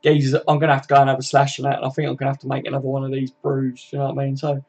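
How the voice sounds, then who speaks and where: Gravelly man on a lo-fi stream. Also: mid-range voice, completely flat delivery, very fast, darkish tone. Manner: laid-back, swears freely, greets viewers by name. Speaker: live stream host. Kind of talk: casual live stream chat.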